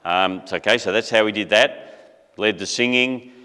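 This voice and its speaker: A man's voice: fairly low pitch, normal speed, pushed and bright, smooth, in a large hall. A middle-aged man, telling a story in a casual, conversational talk full of asides. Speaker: speaker.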